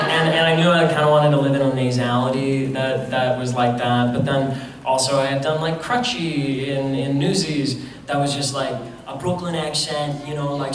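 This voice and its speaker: A voice actor on a convention panel, talking in an animated, scattered way and swearing casually. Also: male voice, fairly high pitch, normal speed, a little hiss or hum. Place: large convention hall. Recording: roomy hall, distant mic, crowd.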